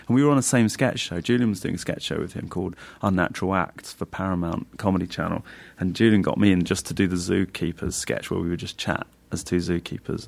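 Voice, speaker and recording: Speaking low with vocal fry, a man appearing as a comedian guest shares lively stories in relaxed conversation, frequently laughing and imitating others' voices.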